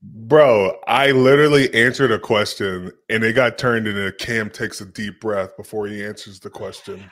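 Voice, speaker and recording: A man co-hosting a casual podcast, talking in a relaxed, laughing way. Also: on the low side, normal speed, dry recording, studio quality. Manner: relaxed, laughing, animated storytelling. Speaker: podcast co-host, football player. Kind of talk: casual chat.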